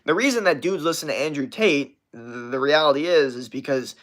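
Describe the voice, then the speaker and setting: A man's voice: on the high side, fairly quick, fairly bright tone. A young man hosting a livestream as a health coach, ranting casually in a rambling, profane way, full of filler words and restarts.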